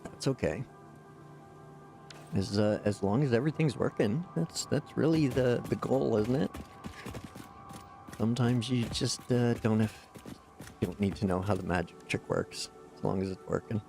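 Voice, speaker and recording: A man's voice: mid-range voice, moderate pace, creaky, pauses often, mellow, faint music behind. A Canadian man in his forties streaming a game, laid-back, muttering at the game and thanking viewers in chat. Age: 40s. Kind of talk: live gameplay commentary with chat.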